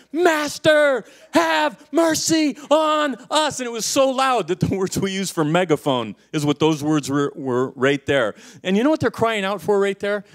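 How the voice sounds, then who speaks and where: A middle-aged male pastor preaching a sermon, telling stories in casual slang and swinging from hushed to loud. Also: sits high. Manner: casual slang, says "man" often.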